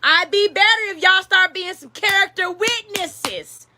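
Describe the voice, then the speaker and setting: A woman's voice: very high-pitched, unhurried, pushed and bright, pitched above the performer's own voice, full character voice. A woman voicing a jailed male mogul who gives bossy, profane orders.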